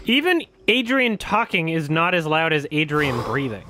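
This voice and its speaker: High, animated gaming host. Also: male voice, moderate pace, a little hiss or hum. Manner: exclaiming and laughing at the game. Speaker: host playing the game. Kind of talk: casual gameplay commentary.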